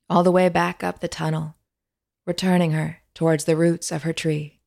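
A woman narrating a fantasy story in a gentle, measured storytelling manner. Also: sits low, level tone, gravelly.

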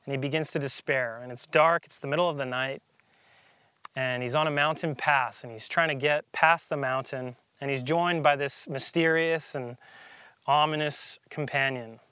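A man preaching a sermon as a pastor, earnest and emphatic, slowing down to stress key phrases. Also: mid-range voice, steady tone, bright, forceful tone, clear, resonant tone, no room sound.

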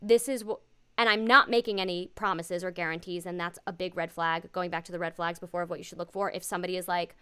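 A woman in her forties, a voiceover actor, giving emphatic and animated advice in a casual interview. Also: fairly low pitch, quick pace, smooth.

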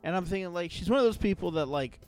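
Lively profane man telling stories. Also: high-pitched, soft background music. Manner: animated, profane, fast anecdotal storytelling. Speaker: podcast co-host. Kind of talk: casual storytelling chat.

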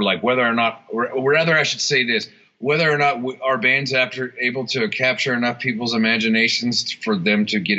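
A man's voice: fairly low pitch, pushed and bright. A man in a casual interview, rambling with lots of restarts, fillers and swearing. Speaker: guitarist and songwriter, interview guest. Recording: dull lo-fi sound.

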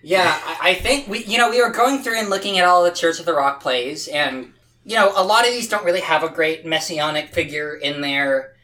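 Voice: mid-range voice, normal speed, sharp tone, poor audio. A podcast co-host in casual chat, rambling and sardonic, often breaking off mid-sentence. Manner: rambling, sardonic, self-interrupting.

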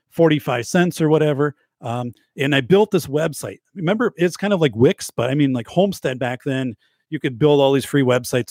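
A man's voice: mid-range voice, no room sound, clean studio sound. A man in his forties, a podcast host telling a rambling story in casual livestream chat, full of restarts and repeats. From Wisconsin, US. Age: 40s. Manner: rambling, self-interrupting storyteller with many restarts.

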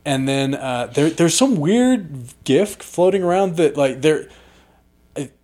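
A man's voice: a little high, lively intonation, takes it slowly, dark tone. A man hosting a casual podcast, with playful, wordy banter. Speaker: podcast host.

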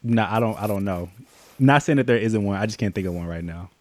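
A man's voice: fairly low pitch, fast talker. A man hosting a casual group chat, laid-back and slangy, laughing often.

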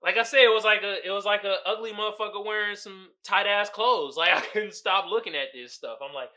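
A man's voice: sits high, a little fast, sharp tone. A man hosting a podcast, recapping a movie in a casual, profane, storytelling way with frequent laughter. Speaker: podcast host.

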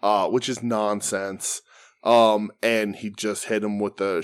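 A man's voice: on the low side, little pitch movement, slow pace, smooth. Blunt, profane man chatting wrestling. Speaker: podcast co-host. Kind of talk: casual wrestling chat.

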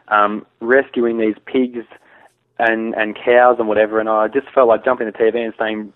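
A man's voice: mid-range voice, no echo. A man, a hunter guest talking casually and opinionatedly, with many restarts. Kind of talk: casual conversation. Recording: tinny phone line.

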